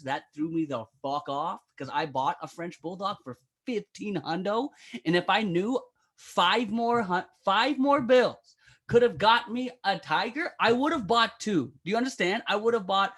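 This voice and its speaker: A man's voice: high-pitched, a bit bright. A middle-aged man doing a brash, profane, rambling stand-up bit as a guest on a live stream. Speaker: comedian guest.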